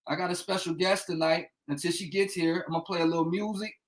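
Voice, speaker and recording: Talking fast with little pitch movement, this high-voiced young Indiana man rambles through a casual bedroom livestream, cursing freely and naming viewers. The recording quality is low.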